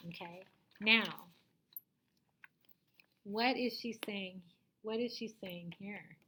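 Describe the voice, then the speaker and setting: A woman teacher giving a reading lesson to young children, patiently asking them questions and sometimes dropping to a soft whisper. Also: medium pitch, slow pace, slight background noise.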